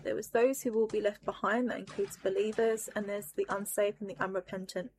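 A woman's voice: medium pitch, steady tone, a little fast, darkish tone, a little hiss or hum. Earnest woman sharing a dream testimony. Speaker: testimony giver. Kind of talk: personal testimony.

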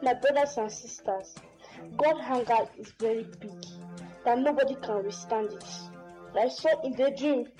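A woman addressing listeners with a pleading, halting exhortation. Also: a little high, mellow, faint music behind, poor audio.

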